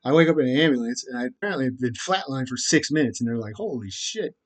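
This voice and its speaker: A man's voice: medium pitch, rapid-fire. A man in a rambling, agitated, profane monologue, laughing often and tagging his sentences with "right?". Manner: frequent laughs and repeated "right?". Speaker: vlogger.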